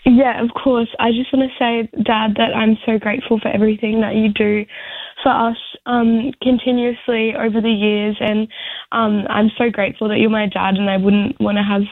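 A woman's voice: fairly high pitch, flat delivery, moderate pace, no room sound, phone-quality sound. A young woman calling in to a radio show, hesitant and rambling with lots of "like". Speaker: caller, host's daughter.

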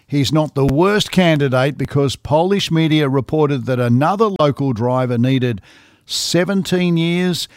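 A man's voice: a little high, a little slow, clear, resonant tone, dry recording. A man hosting radio, telling a news story in a chatty, wry way. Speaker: radio host. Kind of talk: casual radio chat.

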